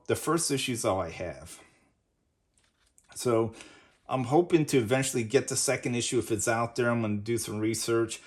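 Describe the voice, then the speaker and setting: A man hosting a casual comic book review, rambling and leaning on "basically" as he retells the story. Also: medium pitch. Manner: rambling, says "basically" often.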